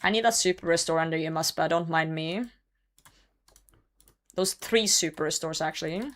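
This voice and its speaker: A woman's voice: deep voice, normal speed. A young woman streaming a game and chatting casually, reading chat messages aloud and laughing often. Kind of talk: casual gaming livestream chat.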